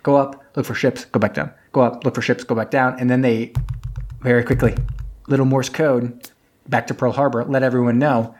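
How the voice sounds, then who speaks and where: A man in casual chat, recapping a film at length and acting out the characters with jumps in pitch. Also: little pitch movement, normal speed, a little mellow, slight background noise. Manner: rambling retelling, acts out characters with pitch jumps. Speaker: podcast co-host.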